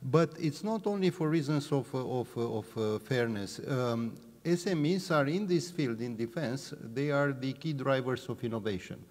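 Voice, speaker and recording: A man of ordinary pitch answers at a public panel, pausing often and restarting with filler sounds. His voice carries the long reverb of a large hall. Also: darkish tone. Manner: hesitant, many uh fillers and restarts. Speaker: panel guest, policy expert.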